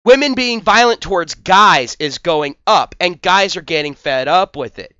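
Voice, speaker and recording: A man's voice: high-pitched, animated, normal speed, pushed and bright, clear, resonant tone, no echo, dull audio. A man hosting a commentary video, talking in a crude, scornful, mocking way. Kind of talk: profane reaction commentary.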